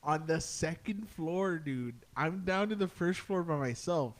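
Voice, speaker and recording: A man's voice: fairly high pitch, expressive, measured pace. A young man casually telling a ghost story on a podcast, swearing freely and peppering his speech with "dude" and "like". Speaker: podcast guest.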